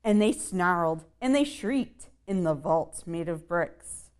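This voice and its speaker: A woman's voice: on the low side, lively intonation, slow, darkish tone, clear, resonant tone. A woman reading a rhyming picture book aloud to children. She reads in a sing-song way and stops to ask her listeners questions and add playful asides.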